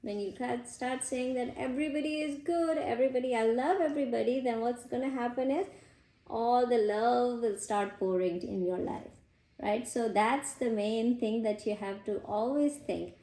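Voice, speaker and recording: A woman teaching a children's class, telling a moral story in simple words with gentle restarts. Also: a little high, normal speed, reverberant.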